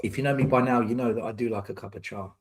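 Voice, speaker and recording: A man's voice: medium pitch, steady tone, rapid-fire. A man hosting a casual live chat, ranting in exasperation and repeating words for emphasis. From England. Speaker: fan channel host reading live chat.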